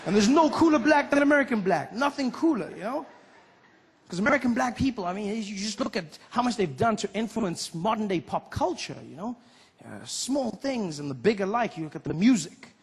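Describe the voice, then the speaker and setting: A man from Africa, performing a lively stand-up comedy routine and acting out voices. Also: high-pitched, fairly quick, slightly rough. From South Africa. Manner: animated, acts out voices and laughs.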